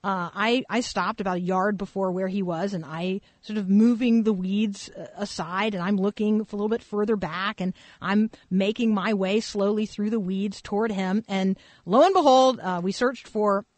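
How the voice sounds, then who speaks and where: A woman pastor with a lilt tells a story from the pulpit in a relaxed, chatty way. Her voice sits in a middle register. It is recorded close and dry, with no room sound. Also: mid-range voice, moderate pace, few pauses, dry recording. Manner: casual, animated storytelling with fillers. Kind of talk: conversational sermon storytelling.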